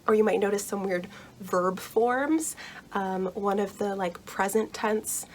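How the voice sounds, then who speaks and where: A young woman talks through the basics in a relaxed, chatty vlog voice of middling pitch, reassuring and quick to laugh. A faint hiss sits under the recording. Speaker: book vlogger explaining Shakespeare. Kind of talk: casual explainer vlog.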